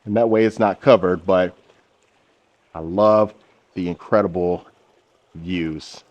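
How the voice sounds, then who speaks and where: A man's voice: sits low, steady tone, slow pace, long pauses, darkish tone, echoey room, big-room sound. Upbeat man giving a house tour. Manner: upbeat salesy enthusiasm. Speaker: home tour host. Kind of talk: walkthrough home tour narration.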